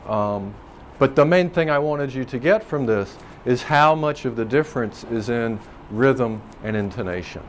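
A man teaching a linguistics course explores dialect differences in a wandering, reflective way, often saying um and restarting. As a language professor, he's animated, speaking at medium pitch and a moderate pace with few pauses; a little hiss or hum is audible.

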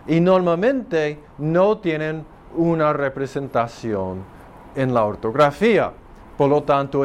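A man's voice: on the high side, smooth. A man teaching a class, explaining patiently and switching between two languages. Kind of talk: classroom lecture.

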